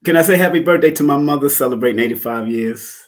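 A middle-aged man chats casually as a co-host. His voice sits at a middle pitch. He sounds easygoing. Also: fast talker. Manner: casual, thankful.

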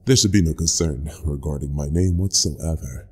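A man's voice: a bass voice, slightly rough, pitched below the performer's own voice. A man voicing a mysterious anonymous male caller with a cool, sarcastic, smug manner. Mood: cold. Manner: cool, mocking, unhurried. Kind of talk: horror story narration voice acting.

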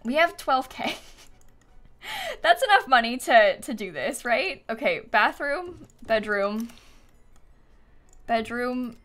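A woman's voice: on the high side, very animated, takes it slowly, long pauses, a bit bright. A woman live-streaming a life-sim game, chatting casually, thinking aloud as she builds and thanking viewers by name with frequent giggles.

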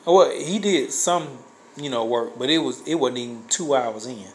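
A man's voice: medium pitch, animated, normal speed, a little hiss or hum, rough recording. A man casually telling a personal story, rambling with many fillers and restarts. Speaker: guest sharing a testimony.

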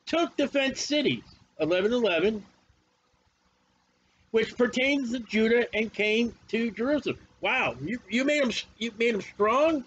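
Male preacher, high-pitched, folksy and emphatic, slightly dull recording with faint background ambience. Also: fairly bright tone, a little hiss or hum. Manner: folksy, emphatic, repeats phrases. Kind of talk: Bible study sermon.

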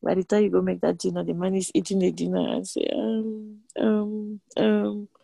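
A woman leading an online prayer meeting, preaching in a motherly, animated way and laughing often. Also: fairly low pitch, quick pace, vocal fry, husky, dry recording. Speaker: prayer leader.

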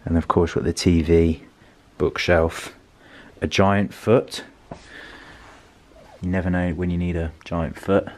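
A young man vlogging a casual, upbeat tour of a hotel room, chatty and relaxed. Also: sits low, a little slow, long pauses.

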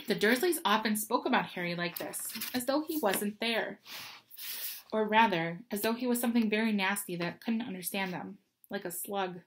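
A woman reads a storybook chapter aloud, steady and expressive. Her voice sits in a middle range for a woman. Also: medium pitch, moderate pace, slight background noise. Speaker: reader. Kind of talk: storybook reading.

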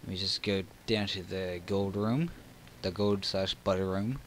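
A Southern man with a lowish voice comments on his own game at an unhurried pace. He mutters between frustrated or excited outbursts, and a faint hum sits behind him. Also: low-quality recording. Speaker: gaming channel host. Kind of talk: let's play commentary.

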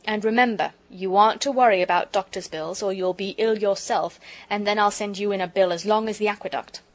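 A woman reading the part of a cheerful, kindly country doctor in a children's storybook, brisk and teasing. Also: mid-range voice, natural voice.

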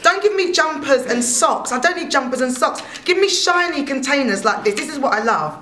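A woman's voice: sits high, expressive, brisk, a bit bright, a little hiss or hum. A woman comedian chatting in an interview, rambling with fillers and laughing often. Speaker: comedian guest. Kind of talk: casual interview chat. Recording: echoey room.

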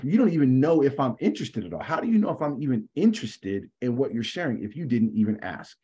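A man's voice: mid-range voice, a little mellow, slightly rough. A man teaching as a guest sales coach on a coaching call, talking conversationally and acting out sample dialogues, often adding "man".

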